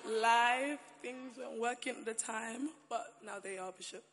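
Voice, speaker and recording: A woman in the congregation giving soft, hesitant replies to a preacher. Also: on the high side, moderate pace. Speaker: congregation member. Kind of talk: answering the preacher. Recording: off-mic in a reverberant hall with crowd.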